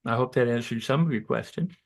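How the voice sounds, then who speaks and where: A man giving motivational self-help advice as a guest, talking loosely and acting out excited self-talk in quick quoted asides. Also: medium pitch, gravelly. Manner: loose and conversational, with restarts and "you know". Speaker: guest on a holistic health show.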